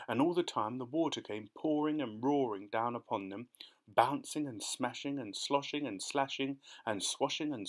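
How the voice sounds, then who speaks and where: A man narrating a children's storybook audiobook in an expressive, dramatic way. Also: mid-range voice.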